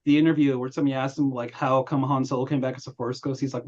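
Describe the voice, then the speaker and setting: A young man rattles off stories in rapid-fire fashion on a film review chat, his pitch medium. He brings quoted voices to life as he goes, all on muffled lo-fi audio.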